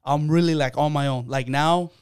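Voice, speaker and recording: A man with a smooth, clear voice speaks as a podcast guest, telling a personal story in an earnest, loose way with plenty of fillers. The sound is dry and close, with almost no room echo. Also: fairly high pitch, steady tone, normal speed, darkish tone. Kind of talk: casual podcast chat.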